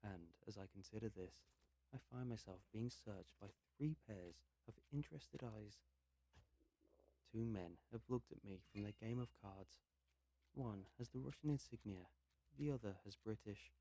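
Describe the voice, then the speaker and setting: A man reading a first-person story aloud in an unhurried way with pauses, sometimes muttering asides to himself while he plays a game. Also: on the low side, dark tone, dry recording. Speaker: narrator.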